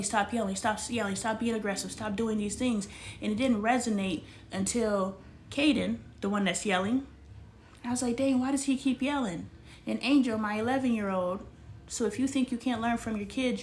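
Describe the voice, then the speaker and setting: A woman's voice: medium pitch, a little mellow, a little hiss or hum. Blunt, preachy woman coach. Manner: blunt, preachy, swears for emphasis. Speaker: life coach. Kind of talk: casual spiritual talk and Bible reading.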